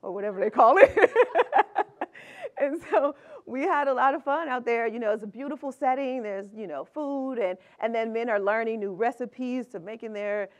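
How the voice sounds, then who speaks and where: A woman's voice: fairly high pitch, normal speed. Upbeat, laughing woman speaker. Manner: chatty, laughs often; upbeat, conversational. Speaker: conference speaker. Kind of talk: conference talk.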